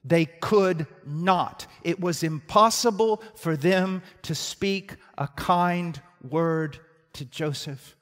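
A man in his sixties preaching a sermon, moving between forceful emphasis and hushed tones and repeating his key phrases. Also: a little high, slow, soft background music. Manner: dramatic swings from loud emphasis to hushed tones. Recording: long hall reverb.

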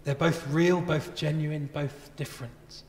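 A male pastor preaches an earnest, conversational sermon in a somewhat high voice. He often turns statements into rhetorical questions for his listeners. The recording has a long, ringing church reverb. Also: steady tone, a little slow, a little mellow, slight background noise.

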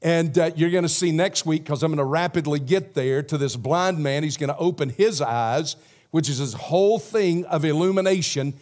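A man with a Southern accent preaching a sermon as pastor, swinging from loud emphasis to a hushed prayer. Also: fairly high pitch, normal speed. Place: church sanctuary.

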